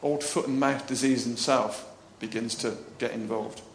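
A man's voice: mid-range voice, fairly even intonation, normal speed, a little hiss or hum. A man preaching a chatty, jokey sermon, laughing often and acting out the voices in the story. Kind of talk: lively sermon. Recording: echoey room with faint ambience.

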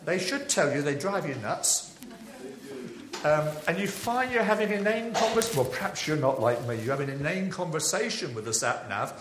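A man from Devon, preaching a sermon in a chatty, anecdotal way with animated rises. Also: a little high, brisk, background noise. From England (Devon). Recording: echoey hall with faint ambience.

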